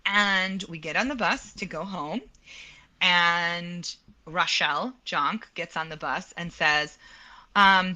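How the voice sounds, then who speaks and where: A woman opera soprano telling a story in an interview, animated and quick to laugh, acting out the voices of the people in it. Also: on the low side, low-quality recording. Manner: animated, laughs often, acts out quoted dialogue.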